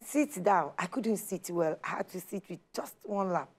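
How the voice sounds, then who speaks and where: A woman's voice: lowish voice, moderate pace. A woman telling her personal story on a talk show, acting out the dialogue as she goes. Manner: animated storyteller, acts out quoted dialogue. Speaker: guest sharing her testimony.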